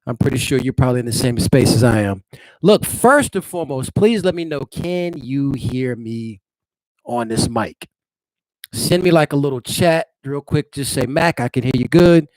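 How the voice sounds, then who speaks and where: A man, a married father, hosts a casual live stream from his home. He talks loosely and straight to his viewers at a middling pitch, and the sound is dry and close. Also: lively intonation, moderate pace, no room sound. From eastern United States. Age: adult, married father. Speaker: livestream host.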